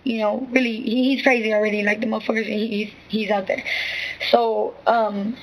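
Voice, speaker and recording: A woman's voice: fairly high pitch, little pitch movement, normal speed, poor audio. A woman recounting events to an interviewer in street slang, rambling and repeating herself. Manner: rambling, repeats "you know what I'm saying". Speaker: witness giving a statement.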